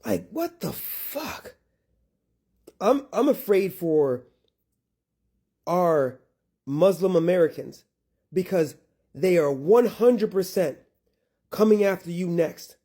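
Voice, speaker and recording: A man with a mellow, slightly raised voice rants indignantly. He fires off rhetorical questions and swears as he goes. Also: sits high, lively intonation, slow, pauses often. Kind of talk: angry political rant.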